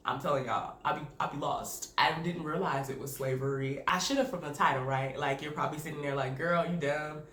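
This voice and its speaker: A woman giving casual reaction commentary, candid and animated, laughing often. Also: a bass voice, fairly quick, hardly any pauses. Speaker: video reviewer. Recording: echoey room with faint noise.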